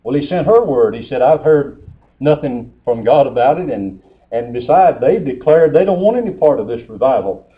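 A man's voice: medium pitch, expressive, moderate pace. A man preaching a sermon, telling folksy stories and quoting scripture. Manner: folksy storytelling with scripture quotes. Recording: tinny phone-like sermon recording.

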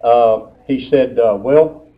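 Male preacher, mid pitch, folksy sermon delivery, narrow tinny phone-like audio. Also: slow. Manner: folksy storytelling with scripture quotes.

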